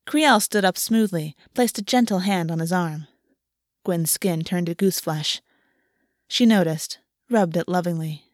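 A woman narrating a fantasy audiobook in a calm, even storytelling manner. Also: lowish voice, measured pace, no room sound, studio quality.

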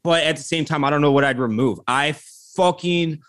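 A man's voice: on the high side, fairly quick, fairly bright tone, clear, resonant tone. A man co-hosting a podcast, giving blunt, profane opinions in casual chat. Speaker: podcast co-host.

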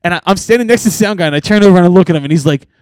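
A man on a podcast casually telling band road stories, animated and swearing, laughing often. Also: high-pitched, racing, no echo. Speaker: podcast co-host and band member. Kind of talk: casual storytelling chat.

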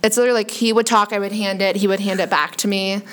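A woman's voice: medium pitch, flat delivery, fast talker. Woman, late 20s, teacher, casual podcast chat, chatty, headphone mic, classroom. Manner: chatty, peppered with "like". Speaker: high school teacher. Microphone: headphone microphone.

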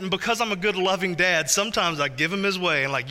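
A man in his thirties preaches a sermon in a high, ringing, very bright voice. He talks to the congregation like a friend, slipping in playful asides between his points. His delivery stays conversational rather than formal. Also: fast, few pauses. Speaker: pastor.

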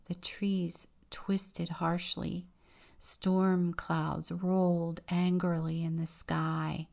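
A woman deacon reading a children's picture book aloud, with slow, expressive storytelling. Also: lowish voice, gravelly.

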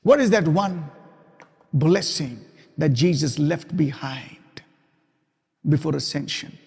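Gravelly-voiced man preaching in a reverberant hall. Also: a little high, takes it slowly. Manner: preaching, rising to loud emphatic repetition. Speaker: pastor. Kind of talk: sermon.

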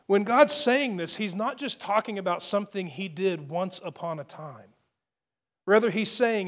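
A man preaching a sermon to his congregation, earnest, swelling into emphatic lines and dropping into soft asides. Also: high-pitched, expressive, moderate pace. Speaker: pastor.

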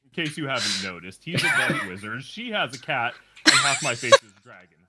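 A man playing a half-dragon character in a tabletop game, gentle and playful. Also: medium pitch, wildly swooping pitch, fairly quick, a loud crowd. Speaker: player.

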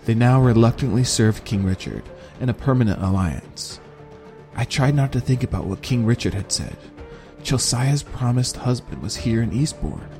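A man narrating a fantasy audiobook in the first person, with steady, measured storytelling. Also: mid-range voice, faint music behind.

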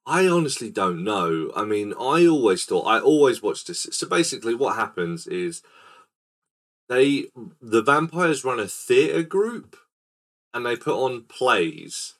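A man hosting a casual film podcast, retelling scenes in a rambling, animated way. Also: mid-range voice, unhurried. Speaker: podcast host.

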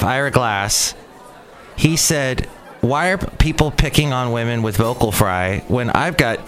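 Rambling Californian podcast host. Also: male voice, medium pitch, a bit bright. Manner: chatty, wry, rambling. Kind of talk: casual rambling monologue. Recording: traffic noise in background.

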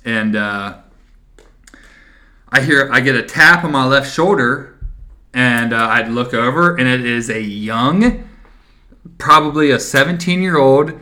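A man's voice: mid-range voice, a little slow, pauses often, pushed and bright. A man in his thirties co-hosting a podcast, telling a rambling, profane story and acting out the quoted voices. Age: 30s. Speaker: podcast co-host. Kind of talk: casual storytelling chat. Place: small home studio. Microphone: studio mic.

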